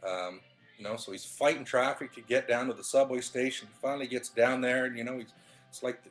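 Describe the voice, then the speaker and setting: A man talks into his webcam from his living room, sharing an inspirational story in a loose, rambling way. He fills his speech with "you know" and restarts. His voice sits at a middle pitch. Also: fairly even intonation, a little fast, soft background music. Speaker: vlogger. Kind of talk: casual motivational monologue.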